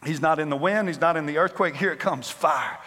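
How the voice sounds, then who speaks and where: Animated high-voiced preacher, echoing hall. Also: male voice, fairly quick. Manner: animated, laughing, acts out characters. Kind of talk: sermon.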